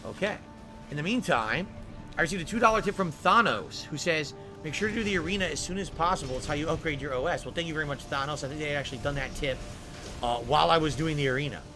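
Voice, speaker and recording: A man's voice: on the high side, animated, fast. A man live-streaming a game, thinking aloud over gear choices and thanking viewers for tips. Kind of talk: live gameplay stream chat. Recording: game music behind.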